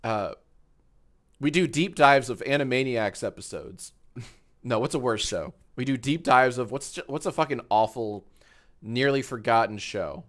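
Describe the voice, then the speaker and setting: A wine-tipsy man in his thirties rambles casually on a live stream from a green-screen home studio, joking and swearing freely. He speaks at a medium pitch and a moderate pace.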